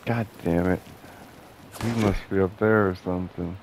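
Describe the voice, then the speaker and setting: A man's voice: low-pitched, steady tone, moderate pace, creaky, noisy background. A young man casually commenting on his video game play, joking and swearing. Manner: joking, sarcastic, swears often. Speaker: gameplay streamer.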